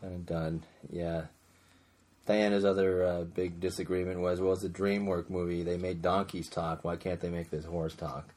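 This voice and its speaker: A man's voice: deep voice, level tone, normal speed, darkish tone. A man hosting a casual chat in an easygoing, dry way. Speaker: podcast host.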